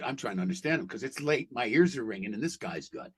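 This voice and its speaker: A man who works as a voice actor telling stories in a casual interview, animated and laughing as he acts out what people said. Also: mid-range voice, fast, husky, rough recording. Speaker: voice actor guest.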